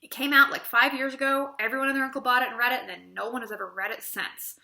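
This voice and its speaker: A young woman giving an opinionated casual book review, animated and chatty, acting out little conversations as she goes. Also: sits high, fast, roomy sound. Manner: animated, chatty, acts out quoted exchanges.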